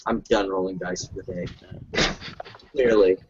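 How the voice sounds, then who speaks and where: A man role-playing his character in a tabletop game, easygoing and deadpan. His voice is low and husky, heard on a dull lo-fi recording. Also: measured pace. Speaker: player.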